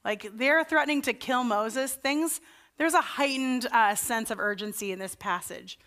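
A woman pastor with a somewhat high, slightly bright voice preaches at a moderate pace. Her sermon unfolds as conversational storytelling, and she acts out the panicked voices of the Israelites she describes.

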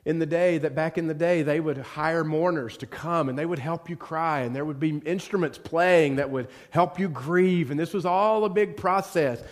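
A man giving a sermon as pastor, telling a story and swinging from hushed, quiet moments to loud, fervent passages. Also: on the high side, normal speed, few pauses.

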